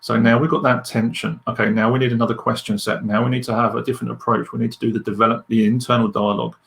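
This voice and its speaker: Man, gravelly voice, candid, animated storyteller, leadership coach. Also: mid-range voice, fast talker. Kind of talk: podcast interview guest.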